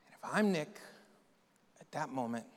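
Male pastor, fairly high voice, dynamic sermon delivery, long hall reverb. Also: moderate pace. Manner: animated preaching, voice rising loud then dropping quiet. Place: church sanctuary. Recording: large hall with long reverb, soft music behind.

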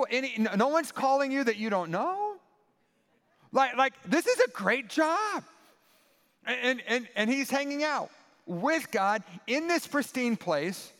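A male pastor delivers a sermon with a high, buoyant voice that swoops up and down as he jokes and leans into his points. His playful, chatty delivery carries a long echo from a large hall. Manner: animated, conversational, playful asides.

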